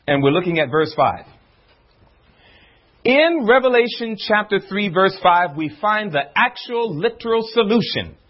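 A man preaching a sermon to a congregation, using rhetorical questions and slowing down on words he stresses. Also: fairly high pitch, slightly rough. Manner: animated preaching, rhetorical questions, drawn-out emphasis. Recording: dull lo-fi recording.

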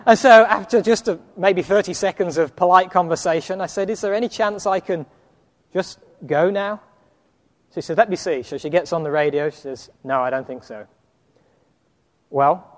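A man with a high, light voice tells a personal story from the pulpit, acting out the other voices as he goes. His words ring out in a large hall with a long reverb tail. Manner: animated anecdote with acted quotes and laughter. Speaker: preacher. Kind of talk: storytelling sermon.

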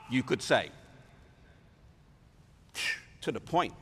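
A man preaching a sermon in an animated way, acting out scripture with voices. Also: fairly high pitch, normal speed. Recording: reverberant hall.

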